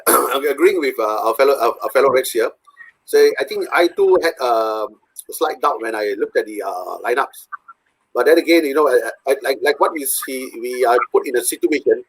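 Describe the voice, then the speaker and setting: A man's voice: medium pitch, husky, no room sound, poor audio. A man speaking as a panelist on a video call, hesitant and full of fillers. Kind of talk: casual panel discussion.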